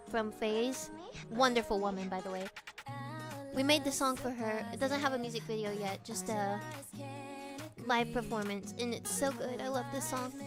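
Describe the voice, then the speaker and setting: A woman streamer chatting casually with her viewers, rambling and laughing often. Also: a little high. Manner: giggly, rambling, playful.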